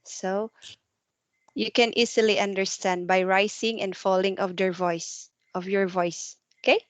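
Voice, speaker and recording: Slow, patient woman tutoring English. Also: mid-range voice, flat delivery, dry recording. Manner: patient, slow questioning with non-native grammar. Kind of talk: one-to-one online English lesson.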